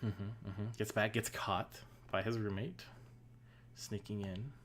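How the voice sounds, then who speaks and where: A woman's voice: extremely low pitch, steady tone, measured pace. A woman co-host talks through last night's tabletop episode in loose, chatty fashion. She giggles between thoughts and leans on ums and mm-hmms. A faint hiss sits under her voice. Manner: giggly, many fillers and mm-hmms. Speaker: podcast co-host. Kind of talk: casual recap chat.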